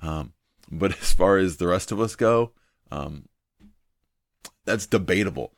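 A man's voice: sits low, lively intonation, measured pace, gravelly, no room sound, clean studio sound. A man hosting a devotional video, teaching from the Bible in an earnest, thinking-aloud way, full of ums and repeating his main points.

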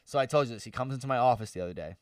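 A man's voice: medium pitch, rapid-fire, clean tone, no room sound, studio quality, far from the mic. A man in his twenties co-hosting a podcast, chatting casually and telling loose, profane stories with frequent laughs. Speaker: podcast co-host. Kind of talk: casual chat.

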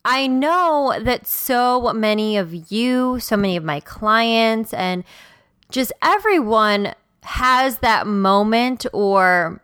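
A woman hosting a solo podcast as a stylist, excitable and emphatic, prone to rambling. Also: mid-range voice, clear, resonant tone, no echo.

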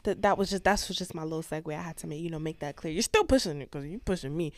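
A woman's voice: deep voice, rapid-fire, no room sound. A woman co-hosting a faith podcast, affirming her partner and teasing her playfully in casual chat. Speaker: podcast co-host.

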